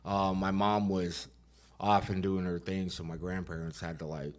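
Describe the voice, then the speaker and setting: A man telling his recovery story as a podcast guest, talking casually in rough street slang with plenty of swearing. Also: sits low, level tone, moderate pace. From Inland Empire, California. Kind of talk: casual conversation.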